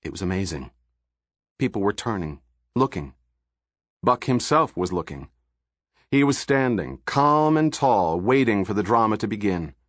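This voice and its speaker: A man reading a thriller audiobook in steady, measured narration, recorded on a studio microphone. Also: fairly low pitch, no echo.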